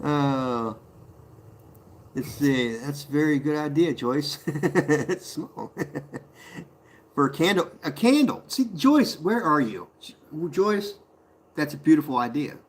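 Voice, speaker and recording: A man chatting casually on a live stream from his pottery studio, reading viewer comments aloud, talking to viewers by name and laughing often. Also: medium pitch.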